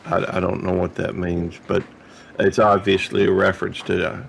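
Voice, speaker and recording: Middle-aged man, low gravelly voice, hesitant casual chat, faint noise. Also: level tone, normal speed. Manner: hesitant, many fillers and restarts. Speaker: livestream co-host.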